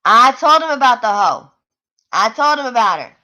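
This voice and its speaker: A high, bright-voiced woman hosts a livestream in a fiery, profane rant. She talks fast and mocks her target without pause. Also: sing-song, poor audio. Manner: profane, mocking, fast-ranting. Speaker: livestream host. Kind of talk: heated live-stream commentary.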